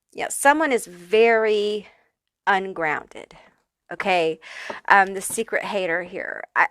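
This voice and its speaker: A woman's voice: medium pitch, fairly bright tone, dry recording. Chatty, foul-mouthed woman reading tarot. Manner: chatty and profane, many fillers and check-in okays. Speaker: tarot reader. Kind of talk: casual pick-a-card tarot reading.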